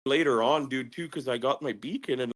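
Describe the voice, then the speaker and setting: Middle-aged man, podcast guest, swears freely, lively animated storytelling, mid-range voice. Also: mid-range voice, brisk. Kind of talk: casual storytelling.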